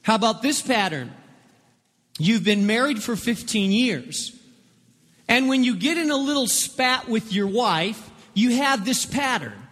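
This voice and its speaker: A man's voice: very high voice, animated, measured pace, a bit bright. A pastor preaching a sermon, stumbling and repeating words in bursts as he acts out quoted voices. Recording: long hall reverb.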